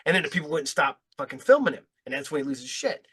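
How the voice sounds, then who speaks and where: Podcast host with a high-pitched voice, a rambling, cursing storyteller. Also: male voice, very animated, quick pace, creaky, fairly bright tone, husky. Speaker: podcast host, comic store owner. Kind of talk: casual podcast chat.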